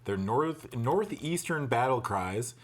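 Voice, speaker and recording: This is a man running a tabletop adventure, reading the book's passages aloud at an ordinary middle pitch. Between passages he drops into relaxed, profane joking with his friends at the table. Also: slow pace. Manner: swaps between read-out narration and joking, cursing banter. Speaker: game master reading the gamebook. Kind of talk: reading adventure text aloud with casual asides.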